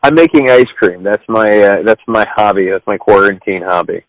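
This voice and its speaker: A man chatting casually on a podcast, relaxed and teasing. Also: fairly low pitch, normal speed, no echo, poor audio. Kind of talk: casual chat.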